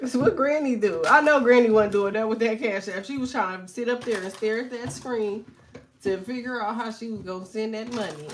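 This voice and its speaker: A woman's voice: fairly high pitch, moderate pace, slight background noise. A woman in her thirties with allergies, chatting casually and animatedly as a livestream host, joking, swearing and laughing often.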